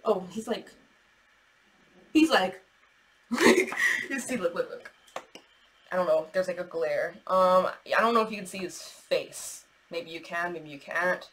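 A woman's voice: mid-range voice, poor audio. Chatty woman reading tarot cards. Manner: chatty, animated, swearing, acting out imagined replies. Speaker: tarot reader.

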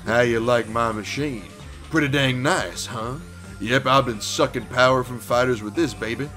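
A man's voice: mid-range voice, normal speed, pushed and bright, soft background music, pitched below the performer's own voice, close to an everyday voice. A man voicing a vain, scheming male arena boss with a put-on Southern drawl, hammy and boastful. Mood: gloating. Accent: put-on American Southern. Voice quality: drawling, folksy, gravelly. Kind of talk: voicing a game character.

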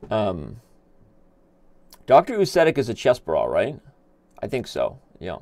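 A man's voice: fairly low pitch, wildly swooping pitch, measured pace, vocal fry, darkish tone, no echo. A man in his thirties hosting a live stream, chatting casually and joking while he reads viewer comments aloud. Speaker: chess streamer host.

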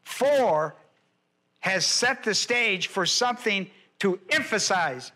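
A man's voice: sits high, lively intonation, slow pace, bright, forceful tone. A male pastor teaching a Bible lesson verse by verse, emphatic and repeating key phrases as he quizzes his listeners.

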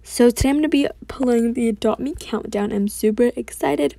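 A female gaming YouTuber giving casual gameplay commentary, excitable and gushing, full of exclamations and reading game text aloud. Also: fairly high pitch, moderate pace, vocal fry.

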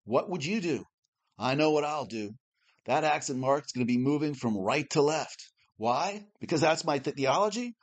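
A man teaching a Bible class, reading a prepared lesson in a measured, explanatory way and slowly spelling out letters. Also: fairly high pitch, expressive.

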